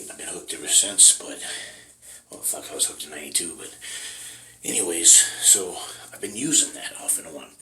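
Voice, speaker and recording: A middle-aged man with a low, gravelly voice that has a hard, bright edge, telling a story in a casual, profane ramble. He keeps tossing in "right?" as he goes. The sound carries a roomy echo. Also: slight background noise. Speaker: bodybuilding competitor.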